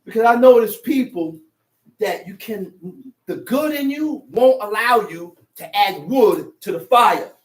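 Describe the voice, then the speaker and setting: High-pitched preacher shouting in an echoey room. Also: male voice, expressive, a little slow. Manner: shouts emphasis, repeats phrases, call-and-response. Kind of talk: fiery sermon teaching. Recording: echoey room, distant mic.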